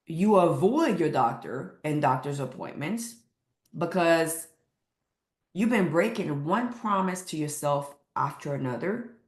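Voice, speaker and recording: A woman's voice: low-pitched, echoey room. A woman weight loss coach speaking to camera with emphatic, repeated motivational lines.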